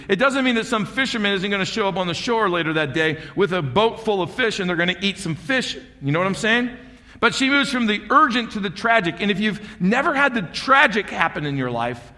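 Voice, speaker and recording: Man, pastor, sermon, emphatic, rhetorical questions, high voice, long reverberant hall. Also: pushed and bright. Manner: emphatic preaching, asks the crowd rhetorical questions.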